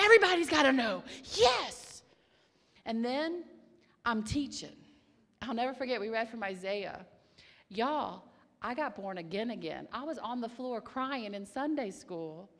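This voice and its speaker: Woman preaching, slow and deliberate, long reverberant hall. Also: a little high. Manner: swings from hushed whispers to loud exclamations; storytelling, animated and emphatic. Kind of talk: sermon.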